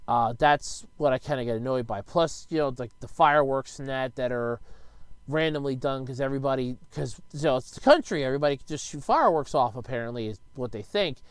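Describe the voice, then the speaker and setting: A man casually rambling in a home video, swearing freely and now and then bursting out loud, speaking close to a desk microphone in his bedroom. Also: medium pitch, expressive, brisk, clean tone, dry recording. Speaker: YouTuber answering viewer questions.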